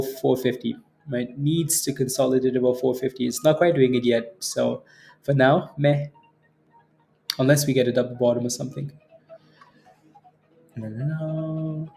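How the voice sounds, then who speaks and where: Chatty day-trading livestream host. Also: male voice, medium pitch, measured pace, creaky, pauses often, soft background music. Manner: relaxed, chatty, chuckles often, trails off with fillers. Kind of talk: casual livestream chat reading viewer comments.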